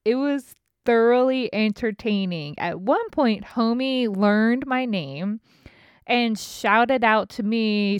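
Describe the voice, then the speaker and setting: Foul-mouthed woman telling a story, crisp voice. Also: a little high, takes it slowly, dry recording, clean studio sound. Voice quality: profane, laughing storyteller. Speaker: podcast host. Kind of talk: casual chat.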